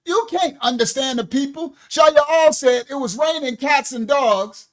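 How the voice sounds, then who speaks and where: A woman teaching scripture on a livestream, animated and joking, with slangy asides and a loud, forceful delivery. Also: high voice, unhurried. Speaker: ministry teacher.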